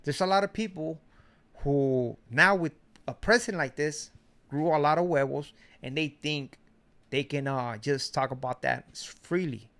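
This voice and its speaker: A man's voice: a little high, moderate pace, fairly bright tone. A middle-aged man from Mexico giving a blunt, slangy commentary monologue. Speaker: commentary streamer.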